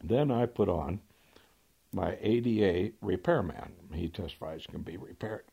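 Older husky-voiced lawyer telling stories. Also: male voice, low-pitched, unhurried, dark tone, highs cut off. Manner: dry, wry raconteur with throat-clearing. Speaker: trial lawyer. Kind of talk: anecdotal storytelling.

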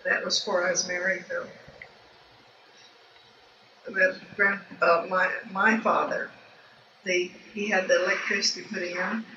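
A woman's voice: lowish voice, little pitch movement, measured pace, long pauses. Elderly woman telling old family stories. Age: older. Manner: rambling, folksy, with restarts. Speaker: interviewee. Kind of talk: oral history storytelling. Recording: distant, echoey, dull and noisy home recording.

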